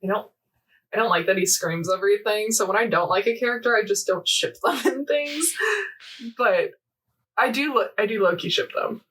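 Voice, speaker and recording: A woman's voice: mid-range voice, moderate pace, a bit bright, husky, far from the mic. A young woman co-hosting a casual podcast, rambling animatedly through a story recap with lots of fillers and quoted lines. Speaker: podcast co-host. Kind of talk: casual chat recapping a game event.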